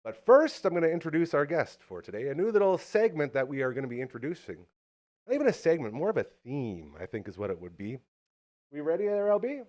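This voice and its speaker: A man's voice: on the high side, very animated, fast talker, darkish tone. A man hosting a live local talk show, out of breath and joking in an upbeat, hyped way. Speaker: podcast host.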